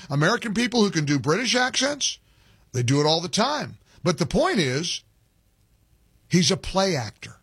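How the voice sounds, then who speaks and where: A man's voice: a little high, fairly bright tone, husky, no room sound. A man hosting a talk radio show, commenting emphatically and indignantly from a studio microphone. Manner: emphatic, indignant, with frequent restarts.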